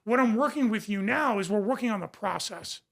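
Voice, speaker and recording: A man's voice: sits high, expressive, fairly quick, vocal fry, fairly bright tone. A man speaking as a podcast guest and recovery coach, in passionate conversation, emphatic and repeating phrases for emphasis.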